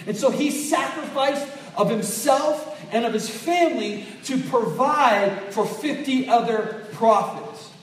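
A man preaching a sermon in a church, animated and conversational, often asking the congregation to agree. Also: very high voice, takes it slowly, hardly any pauses. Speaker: pastor. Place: church sanctuary. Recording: echoey room from far off.

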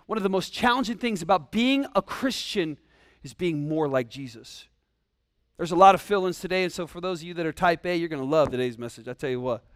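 A man preaching a sermon to his congregation in a lively, conversational way, full of rhetorical questions. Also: on the high side, brisk, no room sound, studio quality. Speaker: pastor. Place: church sanctuary.

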